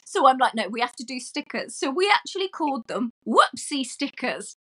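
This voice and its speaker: A woman's voice: high voice, sing-song, normal speed, sharp tone. A woman guesting on a podcast, telling stories in a chatty way and laughing as she talks. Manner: chatty storyteller, laughs while talking. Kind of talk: casual chat.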